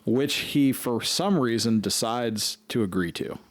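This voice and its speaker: A man's voice: mid-range voice, a little slow, no echo. A man hosting a podcast, telling a rambling, profane story in casual chat. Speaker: podcast host.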